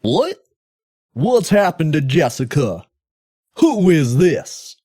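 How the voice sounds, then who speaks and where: A man's voice: on the high side, sing-song, slow pace, warm tone, slightly rough, no echo, clean studio sound, pitched above the performer's own voice, exaggerated voice. A man voicing an indignant, melodramatic male mayor in a game story. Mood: outraged. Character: outraged heroic male mayor.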